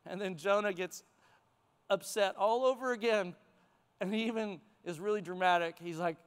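A man preaching a sermon, swinging from near shouts down to hushed, quiet passages. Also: high-pitched, moderate pace, smooth. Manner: animated preaching, rising to near shouts then dropping to hushed tones. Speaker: pastor. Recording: long hall reverb.

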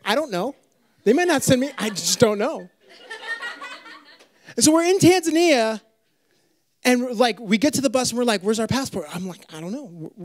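A young adult man preaching a sermon in an animated, joking storytelling manner. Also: very high-pitched, dry recording.

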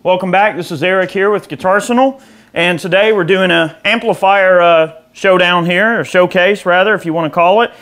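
A man with a slightly raised voice walks through a piece of gear in a relaxed, off-the-cuff demo. His talk is loose and rambling, with frequent fillers and restarts. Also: sits high, moderate pace. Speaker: host of a guitar gear channel.

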